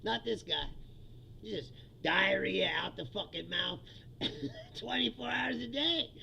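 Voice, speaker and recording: A man's voice: high-pitched, animated, a little slow, creaky, pushed and bright, a little hiss or hum. A man in his fifties, a comedian hosting a profane, ranting comedy livestream and laughing often. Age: 50s. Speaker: comedian host.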